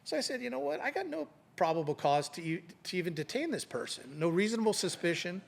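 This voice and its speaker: A middle-aged man with a gravelly, somewhat high voice recounts an old work story in a relaxed interview. He slips into the voices of the people involved as he goes, and his delivery is animated and conversational. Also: fast talker. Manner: animated anecdote telling, acting out quoted voices. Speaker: retired police sergeant, guest.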